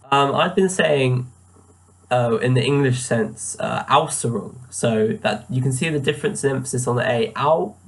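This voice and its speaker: A young man talks through a self-review of his pronunciation, stopping often with ums and uhs. His voice sits at an ordinary middle pitch. It has the plain sound of a built-in webcam mic indoors. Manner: hesitant, many ums and uhs. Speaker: language student.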